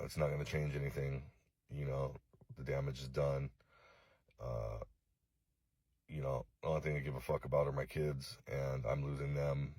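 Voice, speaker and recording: A distraught man from Los Angeles making a halting, profane, remorseful apology video, full of fillers. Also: extremely low pitch, darkish tone, no echo. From East Los Angeles.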